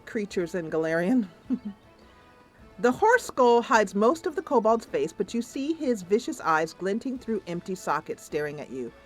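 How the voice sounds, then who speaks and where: A woman narrating a voice-acted role-play of a computer game, with playful, laughing asides. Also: on the low side.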